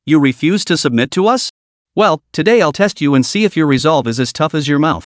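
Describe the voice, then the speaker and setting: Man reading as calm mocking poisoner, cool and cruel, dry read. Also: on the high side, a little fast, dry recording, natural voice. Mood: taunting. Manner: calm, taunting.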